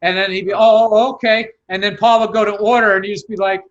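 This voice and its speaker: High-voiced man telling comic stories. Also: level tone, racing, fairly bright tone, muffled recording. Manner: storytelling, acting out voices, swearing. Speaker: podcast co-host. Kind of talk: casual comedic chat.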